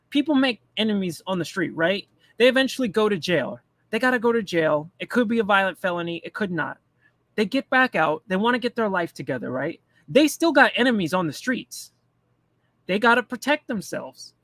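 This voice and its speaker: A man's voice: sits high, fairly bright tone, dry recording. A man ranting bluntly and profanely in casual political commentary, mocking the people he talks about. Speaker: commentary streamer.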